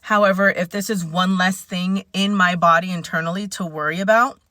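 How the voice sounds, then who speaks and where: A woman's voice: fairly low pitch, steady tone, brisk, pushed and bright, no room sound, studio quality. A woman in her forties talking in a casual, rambling and candid vlog rant. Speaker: vlogger.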